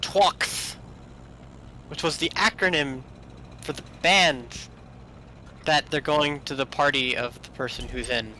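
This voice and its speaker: A man's voice: medium pitch, measured pace, pushed and bright, a little hiss or hum, poor audio. A man chatting playfully while playing a video game with a friend. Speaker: podcast host. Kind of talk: casual chat while gaming.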